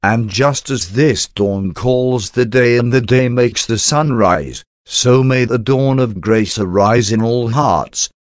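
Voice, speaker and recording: A man voicing a gentle, suffering Jesus in a slow, solemn, tender reading. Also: medium pitch, dry recording, studio quality.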